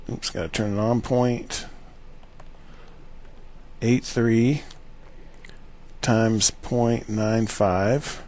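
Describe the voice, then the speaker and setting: A man working through probability problems aloud as a teacher, thinking out loud with fillers and self-corrections and checking in with "right?". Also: lowish voice. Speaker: math teacher.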